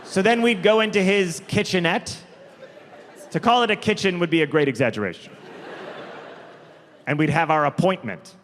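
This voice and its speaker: A man performing a stand-up comedy set on stage, telling stories deliberately and drawn out, with quick asides. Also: on the high side, fairly bright tone. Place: large theater stage. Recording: live comedy hall with long reverb, faint crowd noise.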